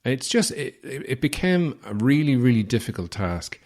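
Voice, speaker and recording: A man's voice: mid-range voice, big pitch swings, normal speed, a little mellow. An Irish man hosting a podcast, telling a comic story in a rambling, self-deprecating, crude manner. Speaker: podcast host.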